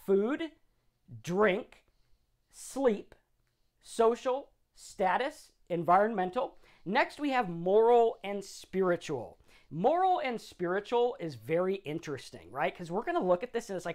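A man's voice: sits high, very animated, unhurried. Middle-aged man giving a chatty motivational talk. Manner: conversational, tags lines with "right?". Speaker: sobriety talk host.

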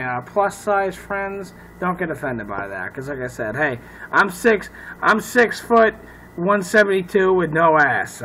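A man who is a comedian, rambling loudly and profanely in a casual talk to camera. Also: fairly high pitch, poor audio. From Irish heritage. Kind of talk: casual off-the-cuff chat to camera.

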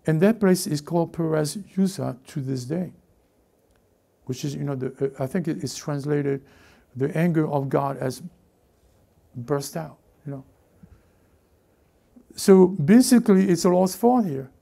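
Male pastor preaching, gravelly mellow voice, animated delivery that slips into character voices. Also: a little high, measured pace, long pauses. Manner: animated, repeats words, acts out characters. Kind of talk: lively sermon with acted-out voices.

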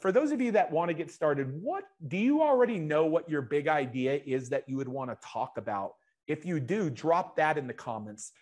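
A man hosting a live interview show, energetic, often restarting and speaking to the chat audience. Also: a little high, normal speed. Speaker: show host.

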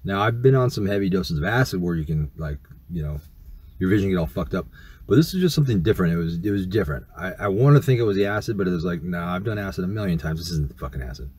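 A man with a low, husky voice tells a personal story at a fast clip. He rambles, swears freely, and restarts his sentences often, filling gaps with "you know" and "like.". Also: lively intonation, darkish tone. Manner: rambling, profane, full of fillers and restarts. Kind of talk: casual first-person storytelling.

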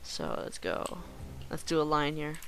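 Playful lower-voiced woman commenting on a game. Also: measured pace, vocal fry. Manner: playful, jokes with game creatures, bursts into excited yelling. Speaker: gameplay commentator. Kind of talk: casual gameplay commentary.

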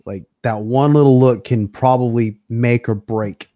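A man in a relaxed chat who chimes in with short reactions and the odd quip. His voice is mid-pitched, and the recording is dry and close. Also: unhurried, dry recording, lo-fi sound. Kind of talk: casual chat.

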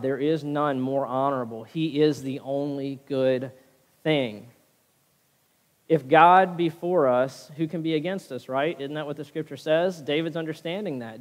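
A man's voice: a little high, long reverb tail. A man preaching a sermon as pastor, often checking in with his listeners with a "right?". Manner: preaching with frequent "right?" tag questions. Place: church sanctuary.

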